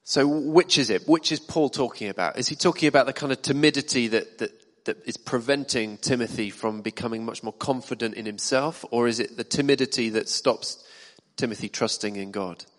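A man's voice: mid-range voice, a little fast, few pauses. A man preaching a sermon in a church hall, talking conversationally and asking the congregation questions. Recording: long reverb of a hall.

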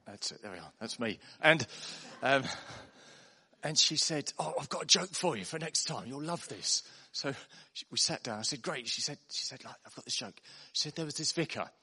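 A male pastor preaches in a church, chatty and self-deprecating as he tells stories and jokes. His voice sounds bright and lively at a middling pitch. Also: moderate pace, breathy edge. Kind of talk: humorous sermon storytelling.

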